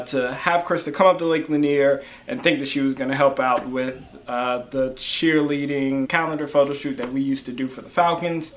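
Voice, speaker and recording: A man casually telling a story in a relaxed, easygoing way. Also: medium pitch. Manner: relaxed, easygoing, full of fillers.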